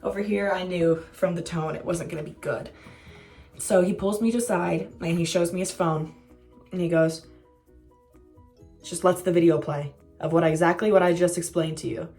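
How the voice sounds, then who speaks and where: A woman's voice: lowish voice, steady tone, normal speed, darkish tone, soft background music. A young woman telling a casual storytime vlog, candid and self-mocking, swearing freely. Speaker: vlogger.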